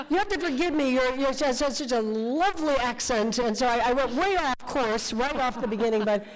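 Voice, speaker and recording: A woman in her sixties speaks as a guest in an on-stage conversation. She tells her stories in a lively, theatrical way, voicing the characters she describes. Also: high-pitched, a little fast, hardly any pauses. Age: 60s. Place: event stage before an audience.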